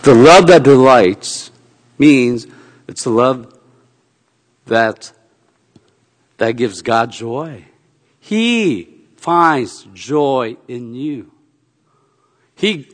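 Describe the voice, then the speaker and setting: High-voiced man preaching in a reverberant hall. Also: fairly bright tone. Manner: conversational preaching with playful asides. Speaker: pastor. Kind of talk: sermon.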